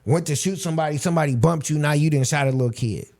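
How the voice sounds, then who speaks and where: A man, hosting a casual interview and telling stories with lively quoted voices. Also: a little high, very fast. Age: 30s. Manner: animated storytelling, acts out quoted voices. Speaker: podcast host.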